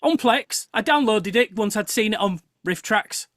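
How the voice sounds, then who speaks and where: A host in casual chat tells a story with animated energy, stopping and restarting mid-sentence. The voice sits at a middling pitch, recorded dry and close with no room sound. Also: moderate pace, no room sound. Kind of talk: casual chat on a live show.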